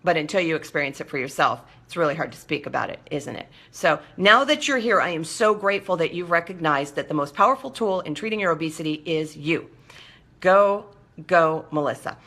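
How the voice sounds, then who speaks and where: Woman hosting a live chat, bright clear voice, punchy and emphatic, leaps up high on the big lines. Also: lively intonation, a little fast. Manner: reads out and answers viewer comments. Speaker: host of a live call-in show.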